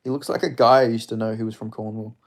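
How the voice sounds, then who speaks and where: A young man, a streamer, giving excitable, swearing commentary as he watches a live fight and chats with viewers. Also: lowish voice, quick pace. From Australia. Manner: excitable, swearing, chatty reactions.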